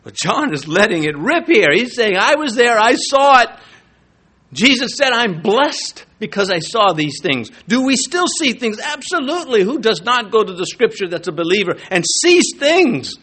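New preacher guy, animated sermon, kinda high voice. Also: normal speed, hardly any pauses, breathy edge. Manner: animated, emphatic preaching with big swings in pitch. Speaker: pastor.

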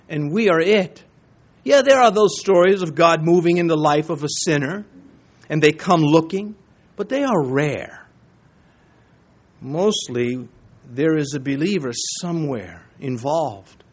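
A man preaching with a lively, swooping delivery that climbs sharply when he presses a point. His voice sits a bit above the usual male range. He drops into quiet asides, then rises again in raised exhortation. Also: a little high. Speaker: pastor. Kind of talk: sermon.

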